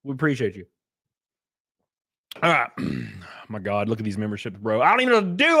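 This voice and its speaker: A man hosting his livestream in casual chat, loud and joking, who breaks into sudden yelps of excitement. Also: fairly high pitch, moderate pace, pauses often, soft background music. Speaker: streamer host.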